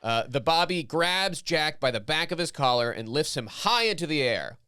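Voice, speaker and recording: Male podcast host, bright and lively, narrating a comedy script read with dry close mic. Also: fairly high pitch, normal speed, smooth, dry recording. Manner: bright, animated, laughing through lines.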